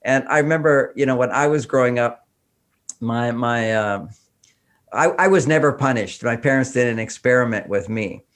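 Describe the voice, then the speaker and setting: A man's voice: mid-range voice, normal speed, fairly bright tone. A man from Houston, Texas, talking animatedly as a podcast guest and acting out bits of dialogue as he goes. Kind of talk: conversational interview.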